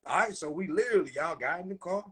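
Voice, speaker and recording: A young Southern man from South Carolina telling a profane, animated story to his livestream viewers. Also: high-pitched, quick pace, breathy edge. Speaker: livestream host. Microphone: phone.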